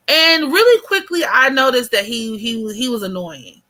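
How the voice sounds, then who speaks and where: A woman in her twenties chatting casually to her viewers and telling stories in an animated way, heavy on fillers. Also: a little high, moderate pace, hardly any pauses. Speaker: vlogger. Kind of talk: casual storytime chat.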